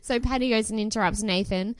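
A woman's voice: mid-range voice, quick pace, no room sound. A woman chats casually, recapping a reality show with plenty of swearing. She slips into playful put-on voices for the people she quotes. The sound is dry and close. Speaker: podcast co-host.

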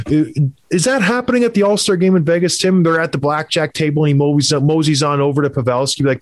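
A man hosting a casual sports podcast, opinionated and rambling, with quick asides. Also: on the high side, expressive, no room sound. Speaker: podcast host.

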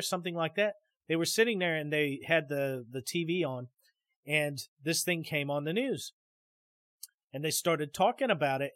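This podcast host's voice sits fairly high with a fairly bright tone, and there's no room sound. He spins a casual story in a meandering way, restarting often and addressing his audience directly.

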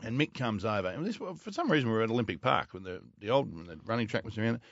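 A man's voice: on the low side, very animated, rapid-fire, vocal fry, dry recording. A middle-aged Australian man, a former footballer, telling a story in casual podcast chat, blunt and swearing. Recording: dull lo-fi dry sound.

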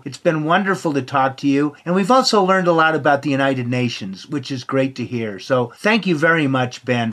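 A man hosting an interview podcast, thanking his guest in an appreciative, gracious way. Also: a little high. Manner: warm, appreciative, wrapping up. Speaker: podcast host.

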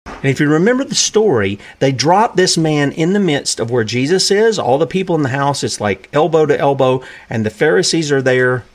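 A man's voice: fairly high pitch, lively intonation, normal speed. A man preaching a sermon who asks his listeners rhetorical questions and acts out the characters in the stories he tells.

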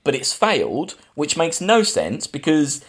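A man's voice: fairly high pitch, wildly swooping pitch, unhurried. Man rambling through a plot recap. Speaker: podcast host. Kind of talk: casual film review chat.

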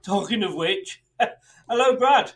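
A man's voice: high voice, animated, a little slow. A man hosting a football prediction podcast over a video call, chatty and self-mocking, laughing often. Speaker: podcast host. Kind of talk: casual chat.

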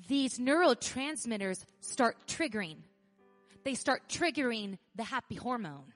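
A woman pastor preaching a sermon in an animated way, laughing often, repeating phrases and building to loud emphasis. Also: a little high, moderate pace.

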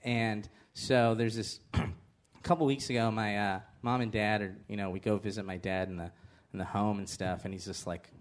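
A man telling comic stories about his family on stage in a live interview, animated and laughing through the punchlines. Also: lowish voice, normal speed, hardly any pauses. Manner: animated storytelling with bursts of laughter and shouted punchlines. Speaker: comedian guest. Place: comedy festival stage with live audience.

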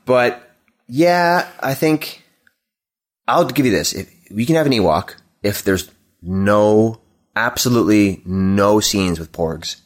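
A man's voice: fairly low pitch, lively intonation, takes it slowly. A man as a podcast guest, chatting animatedly and spinning theories. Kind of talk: casual chat.

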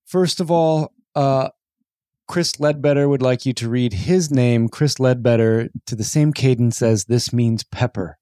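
Brief: male podcast co-host, mellow dark tone, dry sound, easygoing and halting. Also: mid-range voice, clean tone, no echo. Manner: easygoing, reading listener names with halting fillers. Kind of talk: casual chat.

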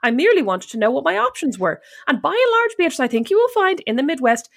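An Irish woman co-hosting a chatty podcast, her pitch sitting a little high and swinging widely as she tells stories. She sounds mock-indignant and animated, and she is easily carried away by her own anecdotes. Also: quick pace, vocal fry. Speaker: podcast co-host. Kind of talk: casual chat.

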